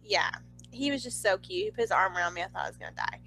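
A young woman telling a story in a chatty, excitable way, full of "like.". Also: medium pitch, fast, breathy edge, rough recording. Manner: chatty, excitable, heavy use of "like". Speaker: vlogger. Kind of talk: casual storytelling.

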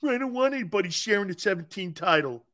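A man mocking a petulant, childish grown man who refuses to share his sandbox, whining and shouting in a taunting voice. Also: high-pitched, lively intonation, fast.

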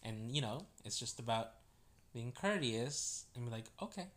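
A man's voice: mid-range voice, lively intonation, moderate pace, fairly bright tone. A man in a casual couple's chat, speaking in an easygoing way and often hedging with "you know".

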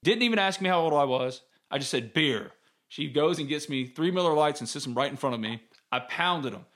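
A man's voice: on the high side, animated, a little fast, a bit bright. Candid man rambling on. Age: 30s. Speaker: podcast host. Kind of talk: casual sports podcast chat.

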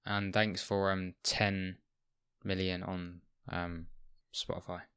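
Deep voiced english lad on a pod, dry mic, teasing. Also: male voice, flat delivery, slow, a bit bright, clear, resonant tone, no echo. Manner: impatient, teasing interjections. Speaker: podcast co-host. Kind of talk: casual banter.

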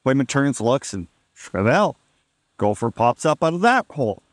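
A man's voice: medium pitch, big pitch swings, normal speed, no room sound, clean studio sound. A man casually telling a funny story on a podcast, amused and laid-back, acting out what people said.

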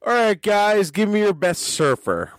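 A man's voice: high-pitched, very animated, measured pace. A drunk man on a podcast, rowdy and profane in a party game. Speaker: podcast co-host. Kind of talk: drunk casual banter.

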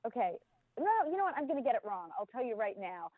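A woman guest in a casual interview, speaking in measured, formal phrases with frequent ums. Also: a little high, expressive, no room sound, narrow, tinny audio. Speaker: interview guest, former football executive.

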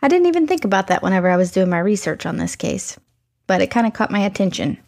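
A woman's voice: mid-range voice, very animated, quick pace, gravelly, darkish tone. A young woman co-hosting a true crime podcast, chatting and then reading out the case in a plain, friendly way. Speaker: podcast co-host. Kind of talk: casual chat and case narration.

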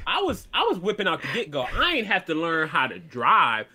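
Man, co-host, bright voice, lively swinging pitch, animated storyteller. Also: a little fast, husky. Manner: animated, acts out stories with big swings. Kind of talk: casual chat.

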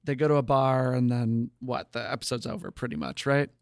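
A man's voice: mid-range voice, fairly even intonation, fairly quick, gravelly, no echo, studio quality. A man co-hosting a podcast, casually retelling show episodes with plenty of um and like. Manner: chatty storyteller, lots of um and like. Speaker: podcast co-host. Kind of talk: casual chat recapping a show.

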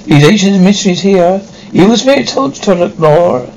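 A man voicing a superstitious old Scottish innkeeper who tells a grim tale gravely. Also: high voice, lively intonation, normal speed, darkish tone, a little hiss or hum, poor audio. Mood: ominous. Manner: grave storytelling with dialect.

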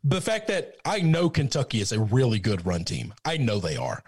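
A man talks football on a casual podcast, lively and storytelling, slipping into voices when he quotes people. The sound is dry and close with no room around it. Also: medium pitch, moderate pace, breathy edge, no echo. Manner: animated storyteller, acts out quotes. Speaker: podcast co-host. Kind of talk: casual sports talk.

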